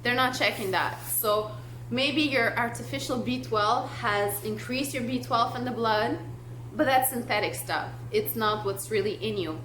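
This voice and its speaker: A woman's voice: on the high side, measured pace, a bit bright. A young woman vlogging to camera, talking in a passionate, emphatic way with lots of "like". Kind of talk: casual talk to camera. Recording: echoey room, faint noise.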